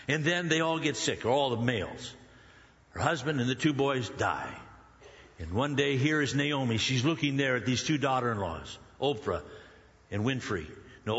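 A male preacher delivering a sermon, telling Bible stories in an animated way and acting out the characters' lines. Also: a little high. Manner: animated storytelling, acts out biblical characters in quoted voices. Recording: dull sound with long hall reverb.

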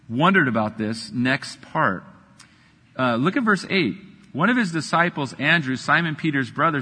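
A man's voice: fairly high pitch, sharp tone, in a large hall. A man preaching a sermon as a pastor, playful and jokey, acting out the people in the story.

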